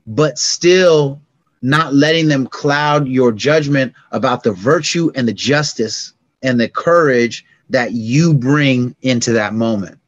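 A middle-aged man talking as a podcast guest, with an everyday mid-range pitch. He tells stories in an animated way and jumps into sound effects and quoted voices. The sound is dry and close, with no room around it. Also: dry recording, dull audio. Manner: animated, acts out sounds and dialogue. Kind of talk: casual storytelling conversation.

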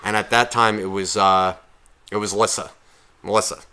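A man's voice: lowish voice, moderate pace, smooth. A man co-hosting a podcast, telling profane bar stories in casual chat and mocking people with put-on voices. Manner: profane, animated storytelling with mocking impressions. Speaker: podcast co-host, former bartender.

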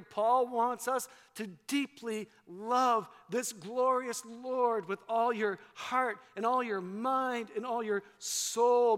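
A man's voice: very high voice, a bit bright. A man preaching a sermon as pastor, with an emphatic, repetitive cadence. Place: church sanctuary. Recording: long hall reverb.

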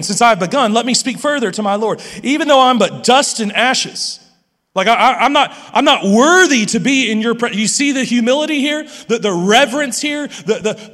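A man preaching a sermon as pastor, lively and animated, often stammering and restarting his phrases. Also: very high voice, big-room sound.

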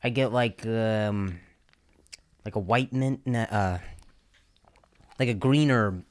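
A man as a podcast guest, talking casually in a halting, rambling way that keeps correcting itself. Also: on the low side. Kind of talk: casual comedic chat.

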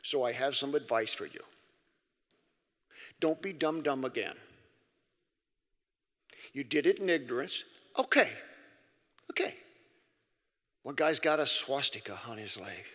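A man preaching to an audience in an emphatic way, breaking into sudden loud, high outbursts. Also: expressive, a little slow, long pauses. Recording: long reverb of a large hall.

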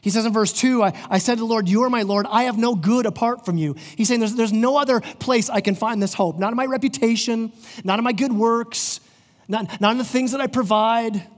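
A man's voice: very high-pitched, brisk. A middle-aged man preaching a sermon as pastor of his church, earnest, often restarting his words as he goes. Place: church sanctuary. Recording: long hall reverb.

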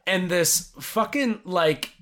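A man chats about a movie in a loose, rambling way, full of "like" and swear words. His voice is bright and forceful and sits a little high for a man. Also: expressive, slow. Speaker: podcast co-host. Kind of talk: casual movie-review chat.

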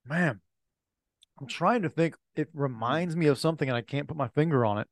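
A middle-aged man co-hosting a casual podcast, easygoing and quick to agree. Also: on the high side, no room sound. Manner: easygoing, lots of agreeing murmurs. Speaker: podcast co-host. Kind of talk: casual chat.

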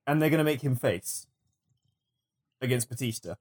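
A man co-hosting a podcast at an ordinary pitch. He jokes and laughs his way through relaxed chat. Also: normal speed. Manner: laughing, joking banter. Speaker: podcast co-host. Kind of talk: casual chat.

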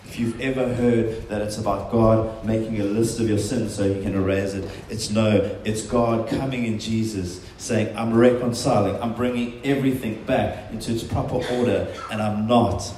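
A man's voice: fairly low pitch, steady tone, moderate pace, few pauses, mellow, slight background noise. A man preaching a sermon, earnest and emphatic, often voicing quotations in a stronger tone. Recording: very echoey room.

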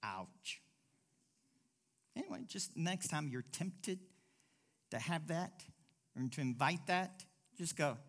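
A male pastor delivering a lively sermon in a high, bright voice. He drops into low, quiet asides, then bursts into loud declarations. When he quotes people, he slips into whiny, mocking voices. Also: slow, long pauses. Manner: animated, swings between low asides and loud exclamations.

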